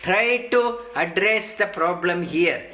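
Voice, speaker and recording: A man giving a slow, halting scripture discourse as a spiritual teacher, full of ums and restarts. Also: sits high, pushed and bright. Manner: halting, many ums, slow deliberate explanation.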